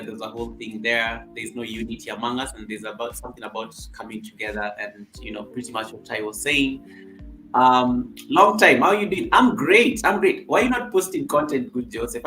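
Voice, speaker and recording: A man's voice: mid-range voice, bright, forceful tone. A man from Kenya hosting a casual livestream, greeting viewers and reading out messages from the chat. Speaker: livestream host. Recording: echoey room.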